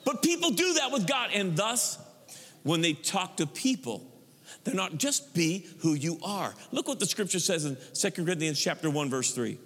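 A high-pitched male pastor delivering a lively sermon. He teases old-fashioned prayer talk as he preaches. His voice rings with the long reverb of a church hall. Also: normal speed, slightly rough.

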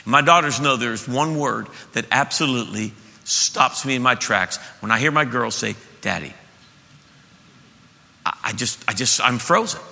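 A man preaching a sermon as pastor, emphatic and animated, often restarting his sentences. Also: mid-range voice, moderate pace, vocal fry. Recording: echoey hall.

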